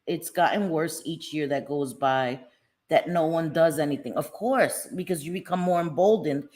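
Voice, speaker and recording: A woman's voice: low voice, normal speed. A middle-aged woman, telling stories bluntly and with profanity on a casual live stream chat. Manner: blunt, animated storytelling with profanity.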